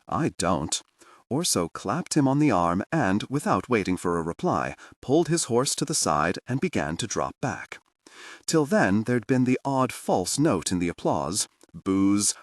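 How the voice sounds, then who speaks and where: A man narrating a fantasy audiobook with expressive storytelling. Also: on the low side, no echo, clean studio sound. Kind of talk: scripted narration.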